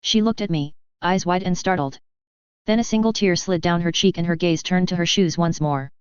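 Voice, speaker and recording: A woman narrating a story in the first person with an even, measured delivery, in a dull, dry lo-fi recording. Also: lowish voice, clean tone, dry recording. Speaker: audiobook reader.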